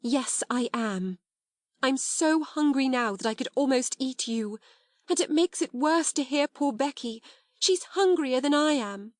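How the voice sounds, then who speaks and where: A proud, imaginative young girl, as a woman reads her, speaking earnestly and with passion. Her voice sits higher than the narration, with a close, dry sound. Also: animated, moderate pace, darkish tone, no room sound. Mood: passionate. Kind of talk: audiobook character reading.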